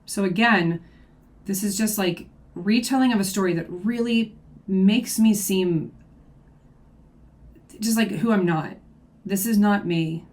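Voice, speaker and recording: A woman's voice: mid-range voice, slow pace, pauses often, a little mellow. A woman reacting to a video, defending herself point by point in casual commentary.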